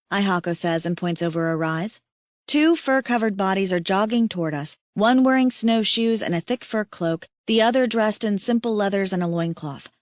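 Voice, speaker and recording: A woman narrating a romance audiobook in first person, steady and intimate. Her voice sits at a middle pitch on a close mic. The sound is dry, with no room around it. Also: dry recording.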